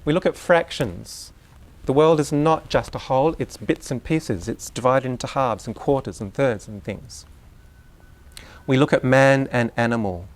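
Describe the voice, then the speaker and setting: A man with a voice of ordinary pitch gives an informal talk to a group of parents. He explains through examples and throws in asides and questions to the room. He sounds like someone speaking in person to a live audience. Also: moderate pace. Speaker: speaker on Waldorf education.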